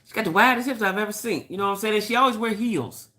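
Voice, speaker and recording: A woman's voice: mid-range voice, racing, bright, forceful tone. An older woman hosting a casual gossip chat, opinionated and chatty, talking straight to her viewers. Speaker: host.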